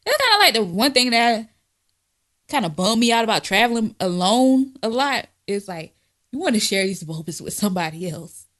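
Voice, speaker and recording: A woman in her twenties co-hosting a podcast, telling loud, profane stories full of mocking impressions. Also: fairly high pitch, big pitch swings, moderate pace. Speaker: podcast co-host. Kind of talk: casual chat.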